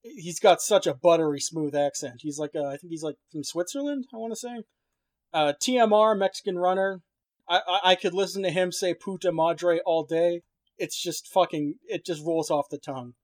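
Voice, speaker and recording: A man's voice: sits high, moderate pace, no echo. A man chatting casually as a podcast co-host, rambling and cursing with lots of fillers and restarts. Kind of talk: casual chat.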